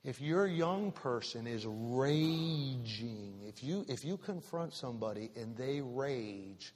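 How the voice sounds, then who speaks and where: A man's voice: mid-range voice, animated, slow pace, hardly any pauses, a little mellow. A man preaching a sermon as pastor, emphatic and repetitive, asking the congregation direct questions. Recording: reverberant church hall.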